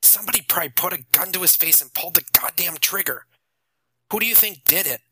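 A cruel teenage bully with a coarse, taunting tongue, voiced a little higher than a grown man's natural pitch, as a male audiobook narrator puts him on. The tone is very bright and cutting, and the recording is dry and close. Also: quick pace, breathy edge, no room sound, exaggerated voice, poor audio. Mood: gloating. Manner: swearing, taunting, dismissive. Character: cruel teenage boy bully, crude and menacing.

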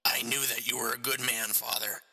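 A man voicing a hoarse, mocking male killer who confesses to a priest, in a reverberant room. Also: medium pitch, level tone, moderate pace, sharp tone, full character voice. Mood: taunting. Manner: taunting, mocking.

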